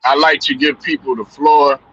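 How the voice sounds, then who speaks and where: High-pitched, sharp-toned man. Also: fairly even intonation, normal speed, breathy edge. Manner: loose, profane, rambling storytelling. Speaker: podcast host. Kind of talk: casual sports chat. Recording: dull lo-fi stream audio.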